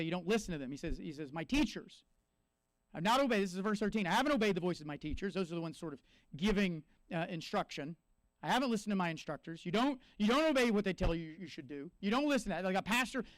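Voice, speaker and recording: A man preaching a sermon as pastor, animated, often acting out quoted voices to make his point. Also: high-pitched, brisk, no echo. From United States.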